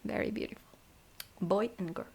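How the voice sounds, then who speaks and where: A young woman answering fan questions in a casual vlog, sleepy and yawning, slipping into soft whispers and laughing often. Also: medium pitch, steady tone, moderate pace, gravelly, breathy edge.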